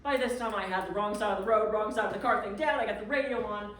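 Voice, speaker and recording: A woman's voice: medium pitch, fast talker, a bit bright. A woman guest speaker telling a dramatic, self-mocking story to a live audience at a clubhouse event. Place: community clubhouse event room. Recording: echoey room, far from the mic.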